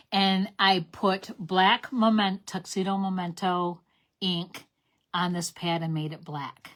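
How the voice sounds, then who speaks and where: A middle-aged woman hosting a card-making tutorial, chatty and enthusiastic, explaining each step and often correcting herself. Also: mid-range voice. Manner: chatty and enthusiastic, talks to viewers as "you guys". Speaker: craft demonstrator, channel host.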